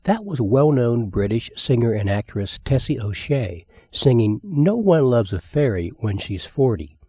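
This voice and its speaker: A man's voice: mid-range voice, dark tone, husky, dry recording. A man hosting a radio show, casually introducing old records in an easygoing, dry way. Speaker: radio host.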